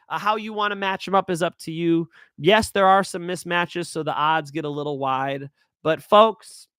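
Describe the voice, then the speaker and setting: A man hosting his own show, chatting casually about fight picks in a hype-driven way, swinging between loud and soft. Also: high-pitched, clean tone, no echo, studio quality. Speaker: show host. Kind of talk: casual fight-pick talk.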